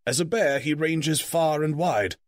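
A man reading the part of Gandalf, a stern and testy old male wizard, in measured, lecturing tones. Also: on the high side, no echo, voice pushed up, close to an everyday voice. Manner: measured, lecturing, quick to scold. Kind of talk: audiobook character reading.

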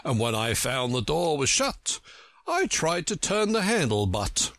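Man doing a pompous, touchy storybook egg, lofty verse with big high swoops, dry close sound. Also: huge pitch swings, a little slow, a bit bright, no echo, full character voice. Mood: pompous reciting. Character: proud touchy egg-shaped male storybook figure.

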